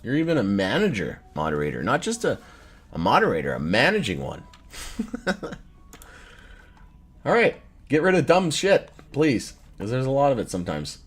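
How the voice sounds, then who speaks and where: Loose, profane man in his thirties, lively pitch. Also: fairly quick, slightly rough. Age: 30s. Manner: loose, profane, laughs often, swings between joking and irritated. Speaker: livestream host reading chat. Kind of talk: casual live stream chat.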